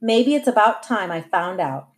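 A stern suburban mother, as a woman reader puts her on lays down the law in a clipped, firm way. Her voice sits at a middle pitch. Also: very animated, moderate pace, lightly acted.

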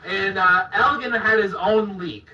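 A young man telling crude, animated stories in a casual chat, laughing often. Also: high-pitched, unhurried. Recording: distant roomy dull mic.

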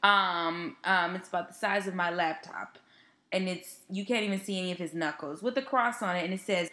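A woman's voice: fairly low pitch, fairly quick, music in the background. A young woman co-hosting a podcast, telling stories in a casual, slangy, joking way. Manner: animated storytelling, slangy and joking. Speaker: podcast co-host. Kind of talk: casual chat.

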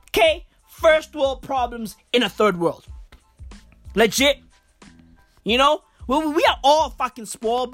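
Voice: sits high, expressive, measured pace, pauses often, fairly bright tone, soft background music. Heated, swearing vlogger mid-rant. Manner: heated, repetitive, stammering restarts, heavy slang and swearing. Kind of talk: casual profane rant.

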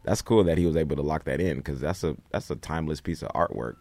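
Very deep-voiced guest man from Los Angeles. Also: fast talker, a little mellow, no room sound. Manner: easygoing, thoughtful, slangy. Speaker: podcast guest. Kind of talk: casual chat.

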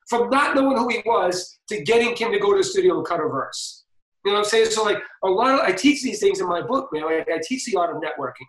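A man from Boston, a DJ and guest, telling stories in a fast, slangy way full of fillers. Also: high-pitched, expressive, fairly bright tone, reverberant, far from the mic, low-quality recording. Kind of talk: casual storytelling interview.

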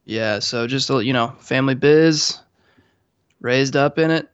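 A young man co-hosting a casual podcast, cracking dry, deadpan jokes. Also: mid-range voice, measured pace, clean tone, no echo, lo-fi sound. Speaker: podcast co-host. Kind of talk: casual comedic chat.

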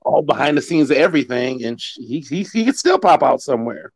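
A man co-hosting a casual watch-along chat with animated, laughing banter. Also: medium pitch, fairly quick, gravelly, breathy edge, no room sound. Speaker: co-host.

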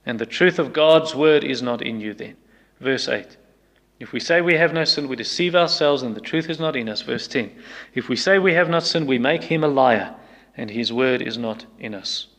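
A man's voice: mid-range voice, lively intonation, moderate pace, fairly bright tone. A man preaching a sermon with emphatic repetition, acting out people's excuses in quoted voices. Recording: long reverb of a hall.

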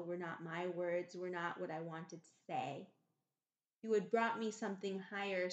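A woman's voice: medium pitch, reverberant, close to an everyday voice. A woman reading aloud, voicing a dreamy, devoted young actress in a lingering, lyrical way. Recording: slightly muffled recording.

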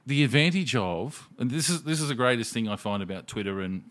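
A man hosting a casual chat, telling animated, sweary stories and acting out what people said. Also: mid-range voice, brisk. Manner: sweary, animated storyteller who acts out quotes.

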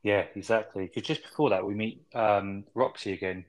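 A man's voice: fairly low pitch, moderate pace. A man co-hosting a casual film review podcast, recapping scenes in a rambling, sweary way with tag questions.

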